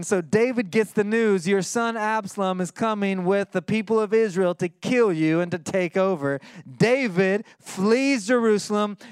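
A high, clear male voice preaching a sermon with easy, conversational warmth. He slips into hushed, earnest tones for the scripture lines. The sound is close and dry. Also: no echo. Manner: conversational, dips quiet and intense when reading scripture; playful mock voices in asides. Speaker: pastor.

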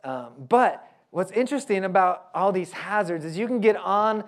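A man from Oklahoma preaching with a light, high voice and a local twang. His sermon is folksy and full of quick joking asides. He repeats his key lines for emphasis. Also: lively intonation. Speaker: pastor.

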